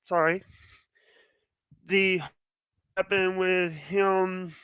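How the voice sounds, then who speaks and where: A man's voice: high-pitched, little pitch movement, drawn-out words, a bit bright, clear, resonant tone, no room sound, low-quality recording. A man talking as a podcast guest, nervous and stuttering, with many restarts. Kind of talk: casual chat.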